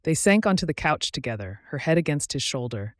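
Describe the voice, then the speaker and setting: A man narrating a romance audiobook in a soft, intimate, unhurried way on a close studio mic. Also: fairly high pitch, very animated, no echo.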